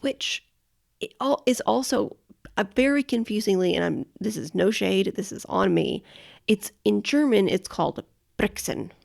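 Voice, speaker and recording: A woman's voice: medium pitch, lively intonation, a little slow, gravelly, darkish tone. A woman co-hosting a casual travel podcast, enthusiastic and informative, often correcting herself. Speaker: podcast co-host. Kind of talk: casual chat.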